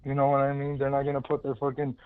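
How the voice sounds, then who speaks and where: A man's voice: mid-range voice, completely flat delivery, quick pace, over a noisy crowd. A man calling into a casual chat show, talking in a slangy, laid-back way. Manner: slangy, laid-back, says bro and dude. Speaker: caller. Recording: tinny phone line.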